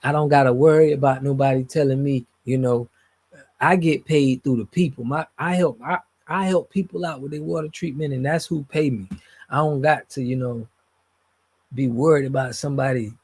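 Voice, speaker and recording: With a husky, slightly mellow mid-range voice, a male streamer reads his chat at normal speed and fairly even intonation. He's loose and slangy, letting the ends of his phrases fade out.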